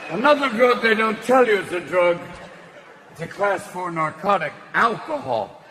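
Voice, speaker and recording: A male stand-up comedian doing a profane, manic set with rapid shifts in voice. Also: high voice, sing-song, sharp tone, rough recording. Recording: live show with crowd and noise. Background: audience laughter.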